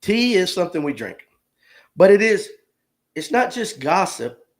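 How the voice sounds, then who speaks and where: A man's voice: sits high, big pitch swings, a little slow. A man, hosting a casual live stream, joking and reading viewer comments aloud. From Georgia, US. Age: 50s. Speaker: livestream host.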